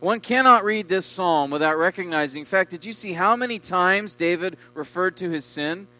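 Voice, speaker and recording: A man preaching a sermon with emphasis, his voice swelling loud on key words and dropping low. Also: normal speed, low-quality recording. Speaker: pastor.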